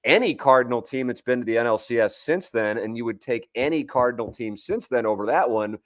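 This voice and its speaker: A man's voice: medium pitch, animated, brisk, no echo, studio quality. A man in his forties, a sports radio guest, telling long rambling anecdotes with frequent restarts in a casual sports talk show.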